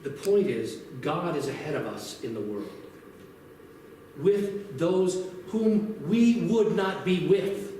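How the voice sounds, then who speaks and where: Animated male pastor in an echoey church. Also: fairly high pitch, slow, recorded from a distance, a little hiss or hum. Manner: animated, conversational, asks the congregation questions. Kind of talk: sermon. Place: church sanctuary. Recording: very echoey church recorded from afar.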